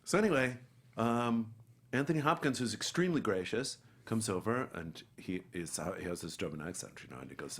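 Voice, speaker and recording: A middle-aged man with a fairly low voice tells an anecdote as a guest. His pitch leaps up and down as he acts out each person in the story. He is animated and playful throughout. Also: fairly quick. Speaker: actor guest.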